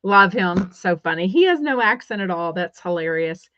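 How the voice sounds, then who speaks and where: A woman from Texas hosting a casual podcast, rambling quickly and reading listener comments aloud. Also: lowish voice, animated, fairly bright tone, dry recording, lo-fi sound. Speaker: podcast host.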